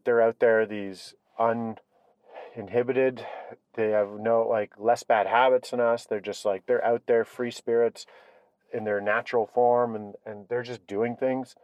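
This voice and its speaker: A man with a low, grounded voice hosts his own podcast while sitting in his truck. He tells stories with energy and drifts into rambling asides. The sound is dry and close, with no room around it. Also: darkish tone, no echo. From Canada. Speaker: podcast host. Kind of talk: solo podcast talk.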